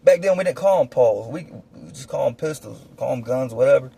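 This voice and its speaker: A young man telling a personal story casually, animated and slangy with plenty of swearing, acting out gunshots with mouth sounds. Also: mid-range voice, fairly quick, gravelly, husky. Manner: profane, slangy; winds down quiet and reflective at the end.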